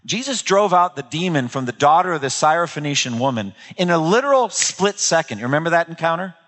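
Man, pastor, sermon, emphatic, repeats lines, slightly high voice, long hall reverb. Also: sing-song, brisk, fairly bright tone. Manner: emphatic preaching, repeats key lines, acts out quotes.

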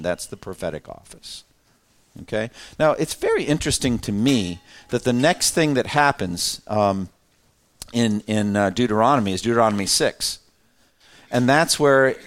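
A man leading a Bible class, reading scripture aloud with lively emphasis, then pausing to explain and put questions to the group in a conversational way. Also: mid-range voice. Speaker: Bible study teacher.

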